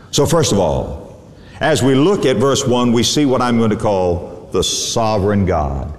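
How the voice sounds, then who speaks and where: A man's voice: lively intonation, darkish tone. A man preaching a sermon, drawing out words for dramatic emphasis. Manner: dramatic, drawn-out emphasis with sweeping pitch. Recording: echoey hall with long reverb.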